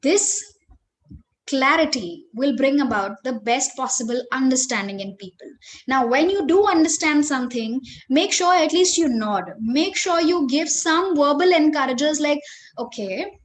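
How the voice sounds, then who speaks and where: A woman with an Indian English accent, working as a corporate trainer, runs a live online webinar and addresses her audience directly. She's expressive, shifting tone and emphasis, and speaks in a high voice at normal speed over a faint hiss or hum.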